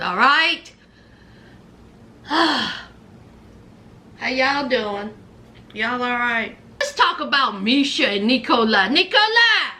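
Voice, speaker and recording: A woman giving sassy, animated commentary on a reality show from home, laughing often as she talks. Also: on the high side. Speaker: reaction vlogger.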